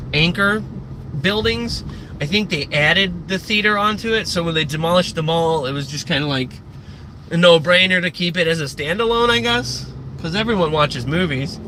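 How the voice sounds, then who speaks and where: A young man chatting casually on a live stream, rambling and swearing with lots of fillers, a bit out of breath. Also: fairly high pitch. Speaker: livestreamer. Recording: outdoor street noise behind.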